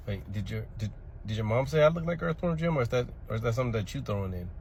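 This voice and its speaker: A man's voice: mid-range voice, animated, fast talker, darkish tone, a little hiss or hum. A man, a former pre-K teacher, doing comedic sketch storytelling, often flustered and stammering.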